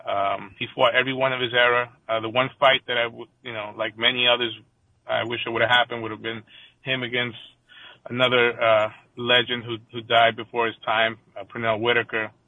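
A man's voice: medium pitch, little pitch movement, brisk, no room sound. A man with a New York accent, a boxing guest on a radio talk show, talking hesitantly with many fillers. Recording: tinny phone line, dry.

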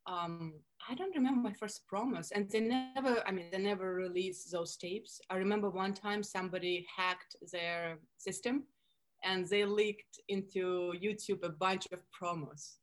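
A woman from Russia with a Russian accent, chatting as a podcast guest and telling lively stories, often acting out what people said. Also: mid-range voice, moderate pace, low-quality recording. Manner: animated storytelling, acting out quoted lines, many likes. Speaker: podcast guest, former wrestler. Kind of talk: casual interview chat.

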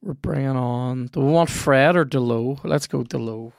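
A man's voice: mid-range voice, normal speed, gravelly, a little mellow, no echo, clean studio sound. A man hosting a podcast, chatting casually and swearing as he rambles and reacts aloud to a video game he is playing. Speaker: podcast host.

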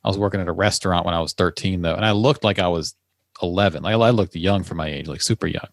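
A man's voice: sits low, no echo, studio quality. A man co-hosting a podcast, rambling through memories in chatty, easygoing talk. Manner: chatty, quick to laugh, rambling. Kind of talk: casual chat.

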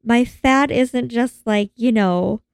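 A woman's voice: fairly high pitch, slow pace, creaky, clean tone, dry recording. A woman in casual chat, recapping a film and animatedly acting out the characters' lines in voices. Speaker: podcast co-host recapping a film.

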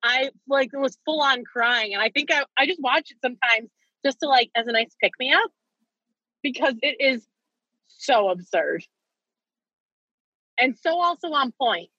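Bright high-voiced young woman, animated. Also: measured pace, long pauses, breathy edge, no echo, muffled recording. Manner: animated, gushing storyteller. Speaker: podcast co-host. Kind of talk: casual chat.

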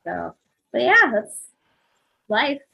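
A woman's voice: on the high side, very animated, drawn-out words, creaky, breathy edge, highs cut off. A woman who works as a physical therapist, animatedly telling a story in casual chat, acting out the voices and laughing often.

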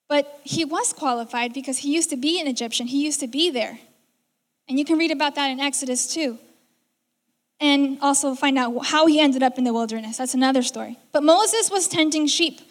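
A woman's voice: high-pitched, moderate pace. A woman preaching a sermon in a conversational way, acting out the lines she quotes. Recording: reverberant hall.

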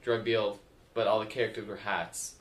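A man's voice: on the low side, flat delivery, normal speed. A teenage boy co-hosting a podcast in casual chat, playful and joking. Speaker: podcast co-host. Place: home studio room. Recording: roomy home recording with faint noise.

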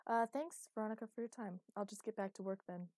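A woman voicing a wry, gently teasing young man in an audiobook, with a mellow voice. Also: medium pitch, fast talker, no room sound, close to an everyday voice. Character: dry, teasing young man, patient partner.

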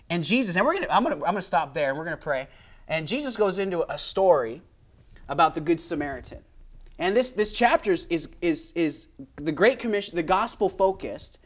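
A man's voice: a little high, animated, brisk. An American man preaching a sermon in a conversational way, with frequent restarts and fillers, into a handheld microphone. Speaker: guest preacher.

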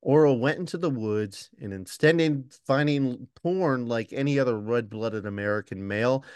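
A man's voice: mid-range voice, normal speed, smooth, dry recording. A man co-hosting a comedy podcast, reading out a story in casual chat between laughs and jokes. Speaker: podcast co-host reading the script.

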